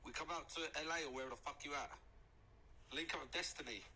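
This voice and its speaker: A man's voice: fairly high pitch, quick pace, bright, forceful tone, a little hiss or hum. Cheerful man in a voice message. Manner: cheerful, rambling, slangy. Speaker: friend in a voice message.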